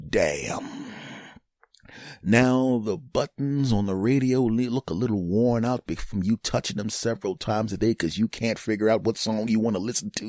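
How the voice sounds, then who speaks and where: A man's voice: mid-range voice, dry recording, studio quality. A man hosting a comedy show, telling a rambling monologue and acting out voices and sounds. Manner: animated, acts out voices and sounds. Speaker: comedian host. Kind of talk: comic monologue.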